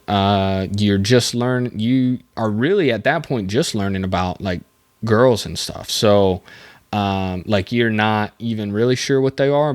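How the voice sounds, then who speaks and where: A man's voice: fairly low pitch, clear, resonant tone, no room sound. A young man hosting a casual solo podcast, rambling through a story with lots of fillers and restarts, chuckling at himself. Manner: self-amused, chuckling at his own stories. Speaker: podcast host.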